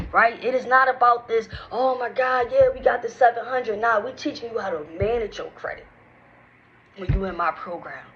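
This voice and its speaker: A woman in her thirties, a credit management business owner, giving a casual motivational talk with direct, slangy, emphatic speech that repeats points for emphasis. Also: on the high side. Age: 30s. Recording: slightly dull sound with faint noise.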